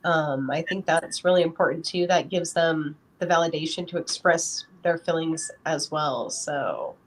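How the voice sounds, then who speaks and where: A woman's voice: deep voice, unhurried. A woman guest on a podcast, talking casually as a parent and filling her speech with lots of "you know". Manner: rambling, full of "you know" fillers. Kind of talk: casual interview talk.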